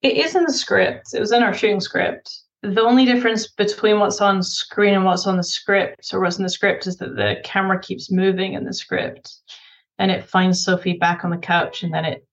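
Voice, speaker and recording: A Scottish woman, a film director, answering interview questions thoughtfully with many pauses and restarts. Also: mid-range voice, fairly even intonation, dull audio.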